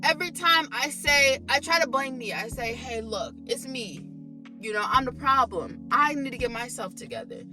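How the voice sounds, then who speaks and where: A woman's voice: high-pitched, expressive, normal speed. A young woman venting to camera in a candid monologue, emphatic and often exasperated. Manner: emphatic, rising to exasperated outbursts. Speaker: vlogger. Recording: faint background music.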